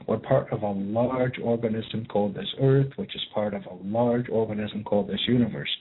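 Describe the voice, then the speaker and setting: A man speaking as a guest healer, explaining his ideas calmly and at a measured pace. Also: mid-range voice, breathy edge. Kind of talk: explanatory talk. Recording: tinny phone-like call audio.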